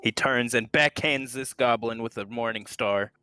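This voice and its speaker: A man of middle pitch plays a tabletop game and calmly declares what his character does. His voice sits in a dry, close space. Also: normal speed, smooth, no room sound. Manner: calm, declares actions in character. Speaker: player.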